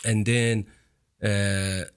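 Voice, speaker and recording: A man's voice: lowish voice, little pitch movement, extremely slow, a little hiss or hum. Podcast host, male, non-native English with an accent, chatty, filler-heavy. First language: not English. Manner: accented English, many "you know" fillers and restarts. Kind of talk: casual interview chat.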